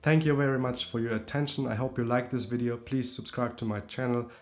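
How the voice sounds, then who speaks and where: A man teaching a language lesson, patiently explaining and repeating example words slowly. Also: medium pitch, fairly even intonation, darkish tone. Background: faint background music.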